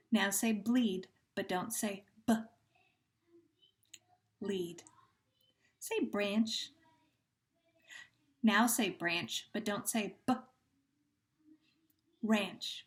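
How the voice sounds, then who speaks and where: A woman teacher runs a sound-deletion drill at a very slow, careful pace. She stretches out each repeated word and praises the listener with patient encouragement. Her pitch sits in an ordinary middle range. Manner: slow, deliberate, stretches words when repeating them. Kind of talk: phonemic awareness drill lesson.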